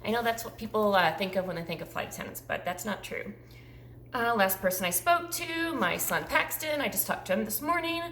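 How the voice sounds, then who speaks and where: A woman's voice: mid-range voice, animated, brisk, fairly bright tone, reverberant, a little hiss or hum. A woman in her forties chatting casually through a tag video, rambling with frequent ums. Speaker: YouTuber.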